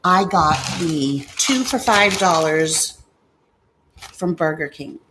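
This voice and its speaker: A woman chats casually to her viewers from home, unhurried and low in her voice. She jokes sarcastically and curses when things go wrong. A faint hum of the room sits under her talk. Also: expressive. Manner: chatty, sarcastic, swears when frustrated. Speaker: vlogger. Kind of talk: casual vlog chat.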